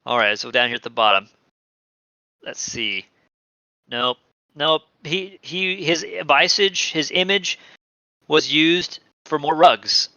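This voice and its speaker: A man's voice: on the high side, animated, slow, long pauses, sharp tone, no echo, lo-fi sound. A man from Texas, co-hosting a casual streamed chat, joking and reading screen text aloud. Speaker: podcast co-host.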